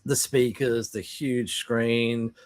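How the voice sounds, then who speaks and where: A man co-hosting a casual film review podcast, telling lively stories, acting out both sides of conversations and swearing freely. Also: mid-range voice, slow pace. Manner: animated storyteller who acts out dialogue and swears. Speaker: podcast co-host.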